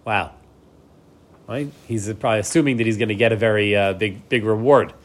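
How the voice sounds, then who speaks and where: A Torah teacher lecturing a class reads Hebrew verses and explains them in English, often checking in with "right?". His voice is on the low side and a little fast.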